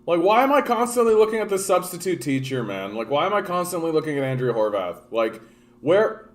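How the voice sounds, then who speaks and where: A man's voice: on the high side, sing-song, moderate pace. A Canadian man giving exasperated, profane political commentary and repeating his phrases as he rants.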